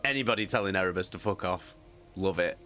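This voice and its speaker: A man's voice: deep voice, fast, soft background music. A man hosting a casual livestream, reacting with a lot of swearing and frequent laughter. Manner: animated, sweary, laughs often. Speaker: livestream host reacting to an audiobook.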